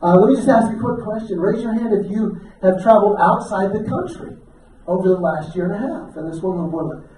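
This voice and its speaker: A man does stand-up in a banquet hall, spinning folksy stories and tossing questions to the crowd. His voice sits high for a man. It comes from off the mic and rings around a very echoey room. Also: mellow, slight background noise. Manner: folksy storytelling with quick audience asides. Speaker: stand-up comedian. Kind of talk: stand-up comedy set. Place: banquet hall with a live audience. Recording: roomy distant audience recording. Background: audience laughter.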